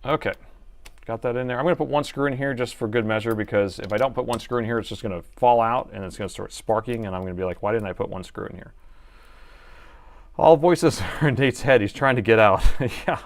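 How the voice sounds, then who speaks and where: A middle-aged man streams a live laptop repair, chatting as he works and joking at his own expense. His voice is mid-range and fast.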